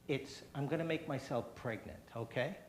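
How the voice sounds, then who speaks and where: A man's voice: medium pitch, normal speed, slight background noise. A man presenting at a health seminar, explaining a breathing technique step by step and checking in with the audience with a frequent "okay?". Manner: demonstrates breathing, coaxes audience to join. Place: church hall.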